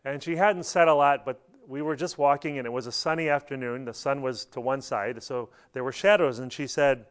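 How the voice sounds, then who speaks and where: A middle-aged man preaching a sermon in a church, telling stories and acting out quotes with sudden loud bursts. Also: medium pitch, fairly quick, hardly any pauses, clean tone. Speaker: pastor.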